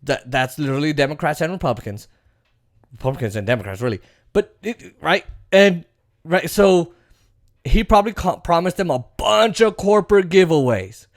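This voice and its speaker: A man's voice: on the high side, lively intonation, moderate pace, no echo, clean studio sound. A man hosting a political commentary show, ranting bluntly and profanely with many fillers. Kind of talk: casual political rant.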